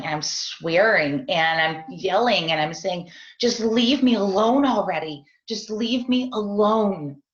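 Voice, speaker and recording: Speaking with a fairly low but slightly bright voice, a middle-aged mother gives heartfelt, confessional testimony on a video call interview, frequently adding "right?". The audio is dull and echoey.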